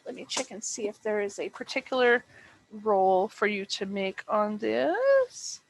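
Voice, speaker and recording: A woman's voice: medium pitch, sing-song, a little slow, vocal fry, no room sound. A woman acting as game master, explaining dice rules and describing the setting in a chatty way, with many fillers and self-corrections.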